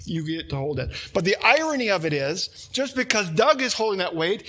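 A man's voice: sits high, sing-song, a little fast, sharp tone. A man preaching a sermon, earnest and conversational, working through an example with a volunteer. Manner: earnest and conversational, using a volunteer as a live illustration. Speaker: pastor.

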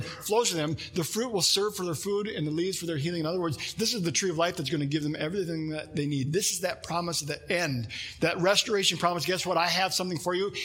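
Husky bright-voiced male preacher. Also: fairly high pitch. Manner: earnest preaching, reads scripture aloud, asks listeners questions. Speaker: pastor. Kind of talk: sermon.

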